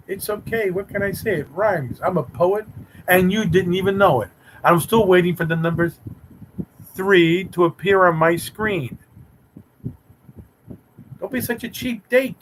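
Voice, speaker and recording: Playful rambling man, rather high voice. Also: a little slow, long pauses, a bit bright, a little hiss or hum, low-quality recording. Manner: teasing, mock-romantic banter with viewers. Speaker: livestream host reading chat. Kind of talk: rambling playful live chat.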